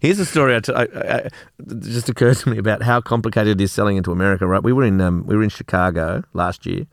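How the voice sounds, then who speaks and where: Chatty Australian man, low voice. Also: fast talker, gravelly, no echo, studio quality. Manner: chatty storyteller, repeats words, swears casually. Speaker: gin company co-founder, guest. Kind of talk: casual interview chat.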